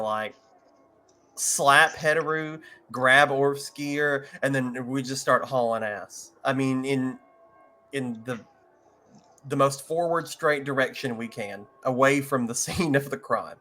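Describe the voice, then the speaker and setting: A man's voice: mid-range voice, slow, sharp tone. A man playing a tabletop game, talking in an easygoing, casual way. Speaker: player. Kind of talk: casual chat.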